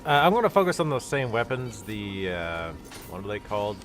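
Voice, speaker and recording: A man's voice: fairly low pitch, big pitch swings, fairly quick, fairly bright tone, slight background noise. A man with a stuffy nose giving casual, rambling commentary while he plays a game on a live stream. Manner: rambling, explanatory, with many fillers. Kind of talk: casual let's-play commentary.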